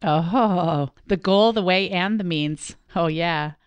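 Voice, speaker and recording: A woman's voice: lowish voice, takes it slowly, clean tone, no room sound, muffled recording. A woman from Wisconsin hosting a podcast interview, upbeat and enthusiastic. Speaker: podcast host.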